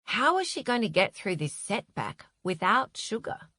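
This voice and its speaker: In measured, expressive storytelling, a woman narrates a scripted audiobook. She speaks at a medium pitch, recorded dry at studio quality.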